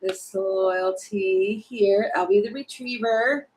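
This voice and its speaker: A woman talking her way through a live tarot reading, chatty and thinking aloud, exasperated at times and slipping into quick acted-out voices. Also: medium pitch, fairly even intonation, a little mellow, a little hiss or hum, poor audio. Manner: exasperated about the energy. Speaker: tarot reader.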